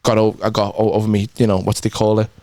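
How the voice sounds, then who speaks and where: A man's voice: lowish voice, little pitch movement, quick pace, darkish tone, no room sound. A man co-hosting a podcast in casual chat, crude and joking, laughing often. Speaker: podcast co-host.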